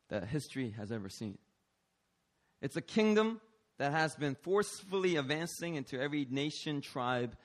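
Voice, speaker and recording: A man preaching a lively, playful sermon, calling out to the congregation for responses. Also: a little high. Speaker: pastor.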